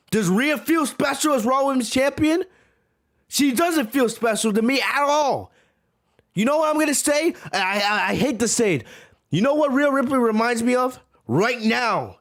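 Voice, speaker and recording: A man hosting a podcast, delivering a heated review rant, repeating words for emphasis and shouting back at viewers in the chat. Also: very high-pitched. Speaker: podcast host.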